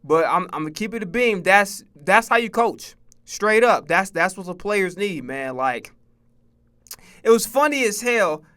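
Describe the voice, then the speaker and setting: A man's voice: high-pitched, animated, measured pace, pushed and bright, clean tone. A man streaming casual sports reaction talk, profane and laughing, often stammering and repeating himself.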